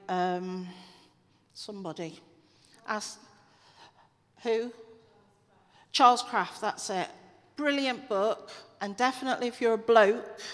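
Woman, chatty lay church talk and prayer, mid pitch, long hall reverb. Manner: chatty, earnest, encouraging with asides. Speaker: church speaker.

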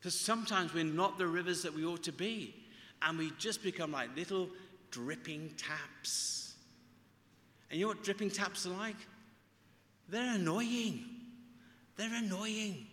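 A man's voice: high voice, measured pace, long pauses, a bit bright. A man preaching a sermon, earnest and emphatic, often restarting his sentences. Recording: echoey hall reverb.

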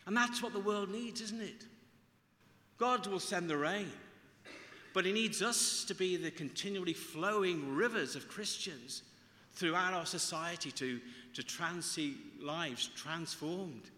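A man's voice: high voice, unhurried, sharp tone. A man preaching a sermon, earnest and emphatic, often restarting his sentences. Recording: echoey hall reverb.

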